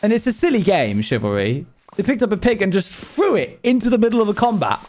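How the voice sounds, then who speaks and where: A young man with a slightly high voice talks loosely to his live chat, laughing as he rambles through stories. He pokes fun at himself and drifts from one aside to the next. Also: very animated, fast talker, a little mellow. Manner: rambling, laughing, self-deprecating storytelling. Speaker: live streamer. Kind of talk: casual chat with stream chat.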